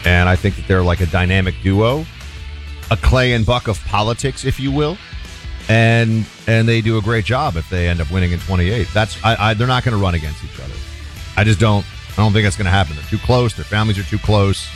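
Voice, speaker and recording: Lower-voiced male talk radio host. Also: brisk, soft background music. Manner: relaxed, opinionated, takes calls. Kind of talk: casual talk radio chat.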